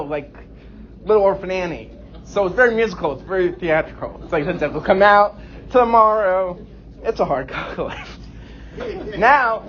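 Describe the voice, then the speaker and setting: Twenty-something guy doing standup, high voice that swings around, self-deprecating, kinda muffled recording. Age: 20s. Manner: self-deprecating, deadpan punchlines. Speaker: stand-up comedian. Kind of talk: stand-up set. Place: comedy club stage. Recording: dull lo-fi recording.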